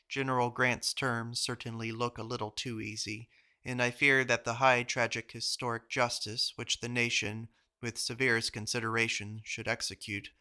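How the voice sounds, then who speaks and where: A man reading old journal entries aloud in a measured, even manner. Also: medium pitch, clean tone. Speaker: reader of journals. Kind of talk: audiobook reading.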